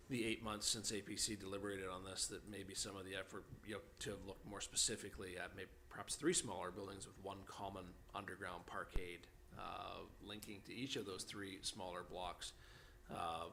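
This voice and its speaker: A man on a town council, commenting in a measured way with frequent fillers. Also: low voice, creaky, pushed and bright, slight background noise. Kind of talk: council meeting questioning.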